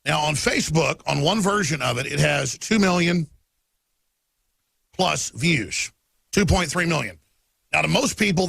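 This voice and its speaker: A man hosting a talk radio show, delivering an emphatic, ranting monologue. He piles up lists of numbers and swings between quiet intensity and angry outbursts. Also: a little high, gravelly, no room sound.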